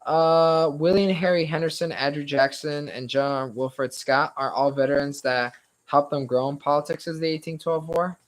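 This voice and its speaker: A man's voice: fairly high pitch, fairly even intonation, moderate pace, low-quality recording. A young man leading a casual study-session lecture, loose and rambling with frequent swearing and hedging, his voice a little strained. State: slightly strained voice.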